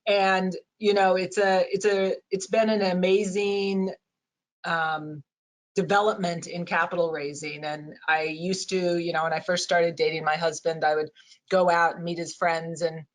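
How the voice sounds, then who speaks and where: A woman, a real estate lawyer, speaking on a panel in a halting, hesitant way with many fillers. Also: fairly low pitch, level tone, low-quality recording. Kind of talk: conversational panel talk.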